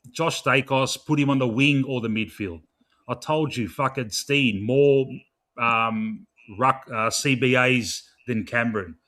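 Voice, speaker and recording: A man's voice: mid-range voice, sharp tone. A young Australian man previewing a football match, swearing constantly and pleading with the coach in an exasperated rant. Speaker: football fan podcaster.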